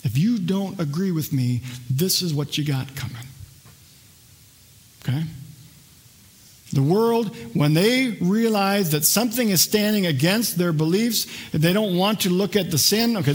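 A male pastor preaching a sermon, earnest, swinging between raised intensity and a hushed, soft delivery. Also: high-pitched, moderate pace. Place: church sanctuary.

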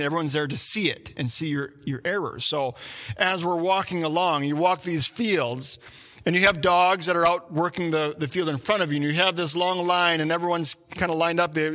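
Bright, lively-voiced male preacher. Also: a little high, long reverb tail. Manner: animated storyteller, acts out shouts and his own thoughts. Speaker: pastor. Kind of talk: sermon with personal story.

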